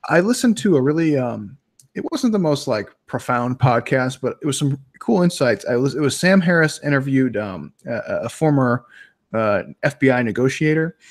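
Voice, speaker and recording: A man from Chicago co-hosting a casual webinar chat, telling stories in a rambling, profane, animated way. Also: mid-range voice, moderate pace. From Chicago, USA. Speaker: co-host.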